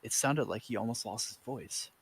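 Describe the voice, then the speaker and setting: A man's voice: mid-range voice, moderate pace, husky. A man reading fanfiction aloud for laughs, in dramatic narration with stumbles and self-corrections. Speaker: reader.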